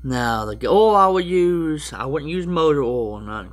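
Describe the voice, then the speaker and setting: A man's voice: on the high side, lively intonation, normal speed. A man giving rambling, casual how-to advice as a prepper vlogger, with frequent restarts and asides.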